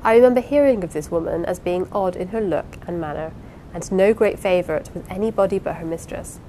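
A woman reading the part of a lively, affectionate young wife in an audiobook, eager and playful. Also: on the low side, fairly quick, a little hiss or hum, lightly acted, low-quality recording. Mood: earnest.

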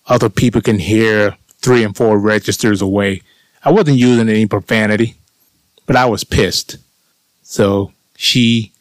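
Middle-aged man, lowish voice, dry close sound, casual profane storyteller. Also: no room sound. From United States. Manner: animated, profane, indignant.

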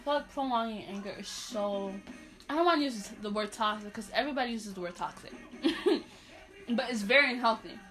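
A woman's voice: fairly high pitch, a little fast, a bit bright, faint music behind. A woman from Haiti, co-hosting a podcast in casual chat, laughing often and talking while eating. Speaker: podcast co-host.

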